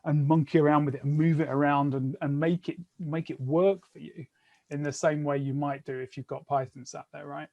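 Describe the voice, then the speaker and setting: Male host, slightly high-pitched voice, reflective, thinks aloud. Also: fairly even intonation, brisk, vocal fry, dull audio. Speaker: podcast host. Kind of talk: conversational interview.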